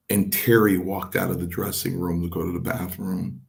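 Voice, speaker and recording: Gravelly older man telling wrestling stories. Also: sits low, normal speed, few pauses. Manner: animated anecdote-telling, voicing others in quotes. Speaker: former pro wrestler, interview guest. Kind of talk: storytelling in an interview.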